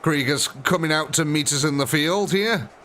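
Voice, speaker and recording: A man's voice: on the high side, normal speed, fairly bright tone, a little hiss or hum. A man commentating a live strategy game, chatty and thinking aloud, often talking straight to the units on screen. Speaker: gaming streamer.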